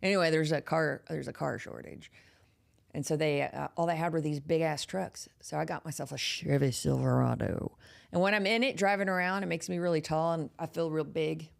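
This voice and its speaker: A woman with a Texas drawl chats loosely through a live horror podcast, teasing her listeners as she goes. Her voice sits a little low and carries a gravelly edge. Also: a little fast. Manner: chatty and playful, teasing the audience. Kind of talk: casual live podcast chat.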